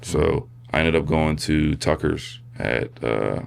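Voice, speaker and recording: A man, a podcast guest, sharing a personal testimony in a halting, soft-spoken way with many fillers and restarts. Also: extremely low pitch, creaky. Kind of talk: personal testimony in casual conversation.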